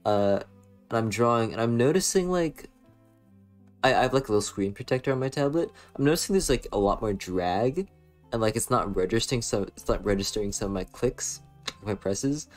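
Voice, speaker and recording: A young American man with a fairly low voice talks loosely to his stream chat. He rambles, leans hard on filler words and teases playfully. Soft music plays faintly in the background. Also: moderate pace. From western United States. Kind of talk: casual chat reading stream chat.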